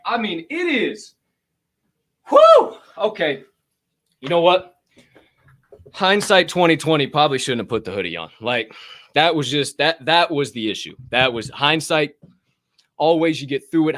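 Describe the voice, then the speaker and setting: A man hosting a casual livestream podcast, chatting and reading an ad in a rambling, profane way from a warm room at home. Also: on the high side, big pitch swings, moderate pace, dry recording, clean studio sound. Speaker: podcast host.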